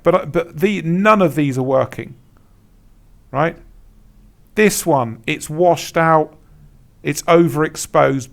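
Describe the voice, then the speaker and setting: Gravelly guy walking through a screen-share tutorial, blunt and emphatic, keeps repeating himself, voice sits a bit high. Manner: blunt, emphatic, repeats words, laughs at bad examples. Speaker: Etsy consultant.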